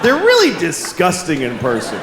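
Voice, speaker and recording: Man doing standup, lively swooping voice, exasperated, echoey room with crowd noise. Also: fairly high pitch, normal speed. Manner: animated, exasperated storytelling. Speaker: stand-up comedian. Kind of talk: stand-up comedy routine. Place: comedy stage before a live audience. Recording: echoey live venue with crowd ambience.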